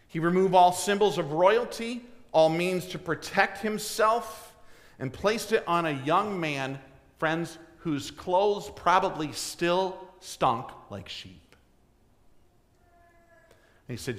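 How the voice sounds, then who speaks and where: A man preaching a sermon, asking his congregation questions and swinging from loud emphasis to hushed, near-whispered lines. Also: on the high side, expressive, slow. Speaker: pastor. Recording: long hall reverb.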